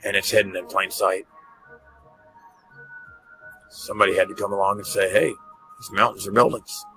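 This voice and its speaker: Gravelly low-ish guy raving over pics, keeps repeating himself, bright edge, music in back. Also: level tone, normal speed, rough recording. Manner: gushing, repeats himself, stammers. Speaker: host. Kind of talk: excited commentary over pictures.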